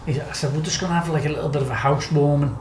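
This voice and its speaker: A man's voice: on the high side, fairly even intonation, very fast, a little mellow, roomy sound, slight background noise, poor audio. A Scouse man from Liverpool telling a wild story as a podcast guest, laughing often, swearing freely and acting out what people said. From Liverpool, England. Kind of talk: casual anecdote telling.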